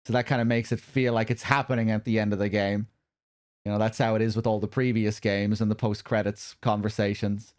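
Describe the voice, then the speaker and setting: A man's voice: on the low side, little pitch movement, brisk. Chatty man streaming a game. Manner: chatty, self-correcting, explaining the story. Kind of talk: casual live commentary.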